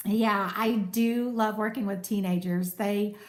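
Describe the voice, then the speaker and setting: A woman's voice: mid-range voice, steady tone, a little slow. A woman, chatting casually on a live stream and thanking viewers as she reads their comments. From United States. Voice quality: soothing voice. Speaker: cooking channel host. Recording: echoey room.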